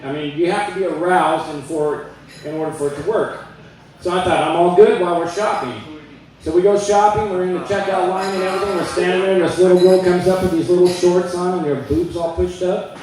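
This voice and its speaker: A man with a high-pitched, darkish voice and fairly even intonation does a stand-up set in a club. He tells jokes casually and conversationally, dropping quick voiced asides. The mic is far off in an echoey room.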